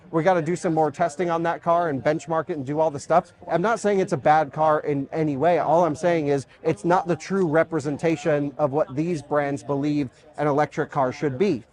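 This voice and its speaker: A man's voice: on the high side, darkish tone. A man hosting a car review, presenting a concept car in a casual, enthusiastic walkaround at an outdoor car show. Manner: enthusiastic, talks with fillers and asides. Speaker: automotive reviewer and host.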